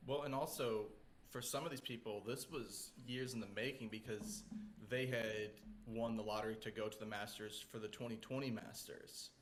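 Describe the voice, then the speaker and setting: A man co-hosting a podcast talks in a relaxed, reflective way. His voice is fairly low. Faint ambient noise sits under it. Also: normal speed. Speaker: podcast co-host and photographer. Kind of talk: casual chat.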